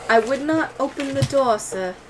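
A formal, cautious droid servant, put on by a woman, speaks in a stiff and courteous way, a little lower and softer than her own voice. The recording carries a faint hiss of room noise. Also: animated, moderate pace. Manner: stiff, polite, addresses people as sir.

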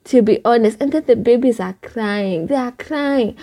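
A young woman with a Kenyan accent hosting a casual podcast chat, animated and swearing freely. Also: a little high, moderate pace. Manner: animated, swears freely, mixes English and Sheng. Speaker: podcast host.

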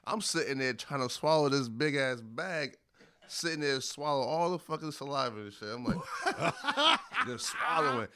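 A man chats as a podcast guest. His voice is bright and smooth, and it swings freely up and down as he tells the story. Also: on the high side, sing-song, moderate pace. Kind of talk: casual storytelling.

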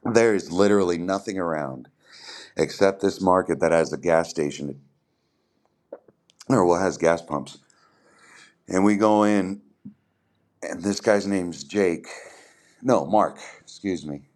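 A man hosting a podcast, telling a long profane story in casual, animated chat. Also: low voice, takes it slowly, pauses often. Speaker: podcast host.

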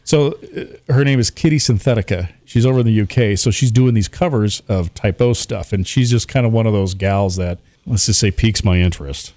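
A man's voice: lowish voice, fairly quick, a little mellow, no room sound. A man, a radio DJ chatting casually as a podcast guest, rambling and poking fun at himself. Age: 40s. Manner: rambling, self-mocking, chuckles often.

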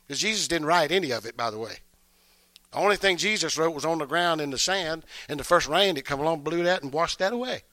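A man preaching a sermon as a bishop, fervent and full of amens, at times dropping to a soft, intimate reading of scripture. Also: on the high side, no echo.

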